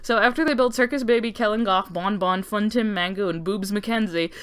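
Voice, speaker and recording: Woman doing a lore breakdown, sarcastic and sweary, smooth clear voice. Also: medium pitch, a little fast. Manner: sarcastic, profane, joking asides. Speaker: video essay host.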